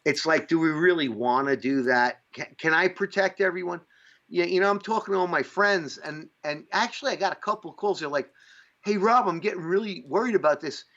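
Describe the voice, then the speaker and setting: A man's voice: on the high side, brisk, pushed and bright. A man from upstate New York hosting a casual podcast chat, rambling and swearing with lots of fillers. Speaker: podcast host. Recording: dull lo-fi sound.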